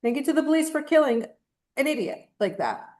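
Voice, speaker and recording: A woman's voice: high-pitched, big pitch swings, brisk, a little mellow. Blunt, emphatic woman co-host. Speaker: podcast co-host. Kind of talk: casual opinion chat.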